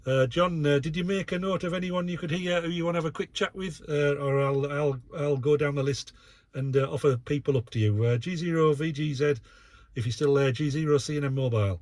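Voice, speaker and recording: A man's voice: on the high side, steady tone, brisk, a little mellow, no room sound. A man running an amateur radio net from his vehicle, chatting casually and reading out call signs with many filler uhs. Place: in a vehicle, operating mobile.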